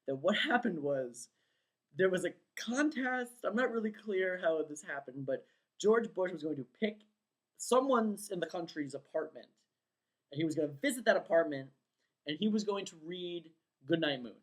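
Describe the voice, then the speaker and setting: A woman's voice: fairly low pitch, normal speed. Rambling young woman recounting a dream. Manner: rambling, filler-heavy, acts out quotes excitedly. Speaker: vlogger. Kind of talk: casual storytelling vlog.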